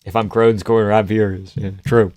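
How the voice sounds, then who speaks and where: A man hosting a live fight reaction stream, chatting casually with viewers, reading chat and cursing as he yells at the action. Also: lowish voice, level tone, normal speed. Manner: swears freely, yells at the fight; reads and answers chat. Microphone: desk mic, gain adjusted live.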